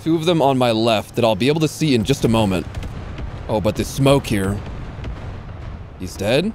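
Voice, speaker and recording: A man's voice: mid-range voice, moderate pace, darkish tone, a little hiss or hum. A man casually commentating his own live gameplay, slangy and swearing freely. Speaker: streamer.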